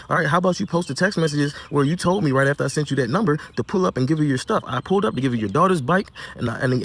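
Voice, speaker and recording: A young man rattles through his side of a breakup in a rapid, heated rant. His voice sits a little high for a man. He acts out everyone's lines, swinging from quiet to loud. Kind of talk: heated personal storytelling rant.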